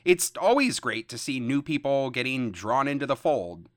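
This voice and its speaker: A man co-hosts a casual comedy podcast, speaking with enthusiasm. His mid-range voice is very animated and fairly bright, at a moderate pace, in clean studio sound with no room sound.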